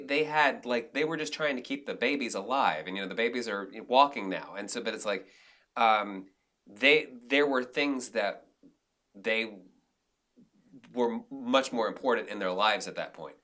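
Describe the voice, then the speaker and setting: A man's voice: mid-range voice, normal speed, sharp tone. A man, a film director as a podcast guest, talking candidly in a casual interview with frequent restarts and fillers.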